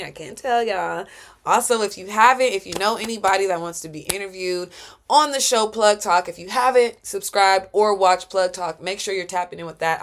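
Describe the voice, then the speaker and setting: A woman hosting her own podcast, speaking in a heartfelt, preachy solo reflection full of slang. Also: medium pitch. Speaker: podcast host.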